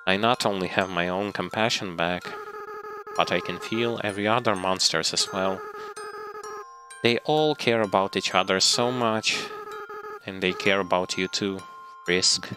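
Man reading as a tearful remorseful goat-monster boy. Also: low-pitched. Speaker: let's play gamer. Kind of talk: reading game dialogue aloud over gameplay. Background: game music.

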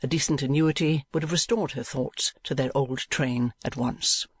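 A man narrating an audiobook in a measured, even reading. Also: mid-range voice, husky, no echo. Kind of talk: scripted narration.

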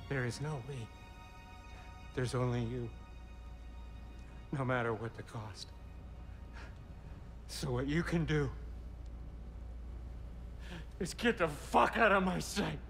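An actor playing a grieving, embittered dwarf smith in a video game, speaking in a bitter, accusing way. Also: male voice, mid-range voice, slow, creaky, pauses often, fairly bright tone, big-room sound, faint music behind. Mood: cold fury.

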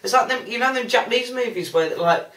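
A woman's voice: a little high, brisk, a bit bright, far from the mic. A woman, trading sarcastic, teasing banter in a casual chat. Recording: roomy sound from off the mic.

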